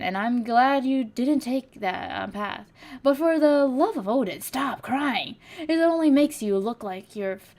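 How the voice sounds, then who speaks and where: A woman reading the part of a gruff, red-haired male viking sailor who mocks others and calls them kid. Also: on the high side, darkish tone. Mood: scolding.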